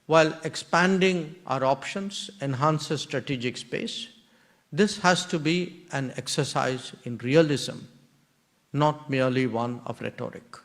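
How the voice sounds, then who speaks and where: This memorial lecture is delivered formally by a man with an Indian accent and a medium-pitched, slightly bright voice. He paces his words in measured, deliberate phrases split into brief clauses.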